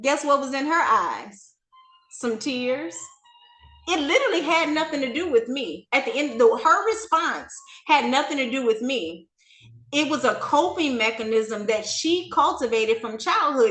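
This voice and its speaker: High, bright-voiced woman telling a story. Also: moderate pace, echoey room. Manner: animated, emphatic, conversational. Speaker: talk show host. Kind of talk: storytelling to an audience.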